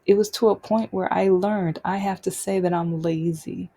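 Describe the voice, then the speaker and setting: A woman speaks in a dark, gravelly voice with a husky edge, keeping her pitch mostly flat. She talks unscripted and halting, often breaking off and restarting her sentences as she tells her own story. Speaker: podcast host sharing personal stories. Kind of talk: unscripted personal monologue.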